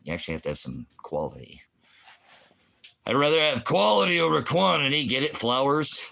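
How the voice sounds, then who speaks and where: A man hosting a ministry stream, ranting in a rambling, combative way, full of puns and profanity. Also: deep voice. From Oregon, USA. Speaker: ministry host.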